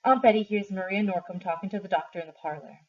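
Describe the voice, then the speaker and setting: Woman teacher reading a novel to a class; mid-pitched, slow and expressive, dull lo-fi sound. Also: husky. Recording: dull lo-fi recording.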